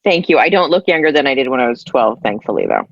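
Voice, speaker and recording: A woman in her forties hosting a podcast in casual, self-deprecating chat, with a raspy morning voice. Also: a bass voice, sing-song, fast, no room sound, lo-fi sound. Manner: self-deprecating, laughs often. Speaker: podcast host.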